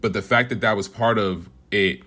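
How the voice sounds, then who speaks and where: Man, very low voice, rapper guest, earnest and measured, laughs easily. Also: steady tone, bright, forceful tone, slightly rough. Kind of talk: interview answers.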